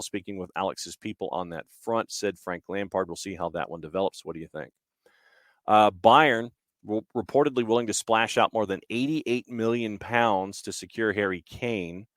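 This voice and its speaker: A man hosting a podcast, running through soccer transfer news with quick offhand asides and frequent "uh" fillers. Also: on the low side, no room sound, studio quality. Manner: reads headlines with quick asides, many fillers. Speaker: podcast host. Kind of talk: casual sports news roundup.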